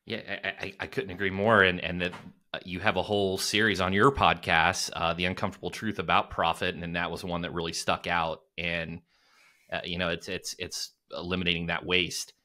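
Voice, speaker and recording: A man hosts a business podcast and interviews a guest. His voice is very low, but its tone is bright and forceful. He often repeats words and restarts as he works out his questions. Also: little pitch movement. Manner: halting, with many restarts and fillers. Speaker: podcast host.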